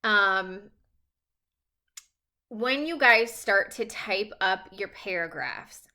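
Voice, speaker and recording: A woman's voice: a little high, bright, forceful tone. A woman teacher recording casual, reassuring class instructions at home, checking in often with the students.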